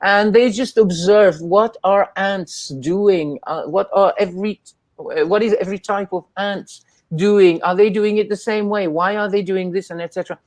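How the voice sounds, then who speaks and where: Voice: mid-range voice, steady tone, moderate pace, no echo. A guest in a casual interview, telling rambling anecdotes and acting out the voices of people in the stories. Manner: acts out quoted voices.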